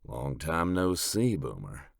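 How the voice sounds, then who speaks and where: A man reading an audiobook, voicing a menacing male biker with a slow, creepy drawl. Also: extremely low pitch, very animated, creaky, dry recording, clean studio sound, exaggerated voice. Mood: menacing, deadpan. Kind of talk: audiobook character voice.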